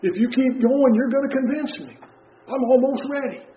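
A man preaching voices an ancient king who is almost persuaded, pitched high and half-pleading. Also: normal speed. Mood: wavering. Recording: roomy, dull, faint hum.

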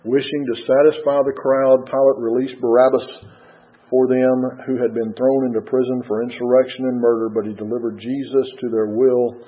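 A man reads scripture and preaches earnestly at normal speed with a flat delivery, heard through a tinny radio broadcast that sounds like a phone. He lifts his voice to emphasize key points and sinks low as phrases end.

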